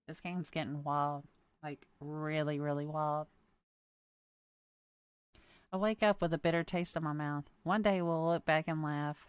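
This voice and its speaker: A woman's voice: sits low, steady tone, unhurried, pauses often, clear, resonant tone, no echo. A woman streamer reading a visual novel's text aloud and breaking off with amused comments about the dialogue. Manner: amused asides, laughs at the dialogue.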